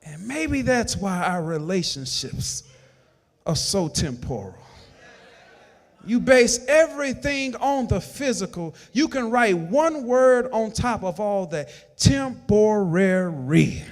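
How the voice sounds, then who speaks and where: A man preaching a sermon as pastor, with emphatic delivery that swells into shouted lines. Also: high voice, expressive, slow pace. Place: church sanctuary. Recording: long church hall reverb.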